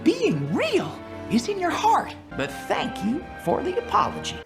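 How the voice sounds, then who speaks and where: An actor voicing a kindly male cricket who plays a gentle conscience, wry and reassuring, heard in a film clip. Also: very high voice, huge pitch swings, unhurried, heavily acted. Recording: film clip with music underneath.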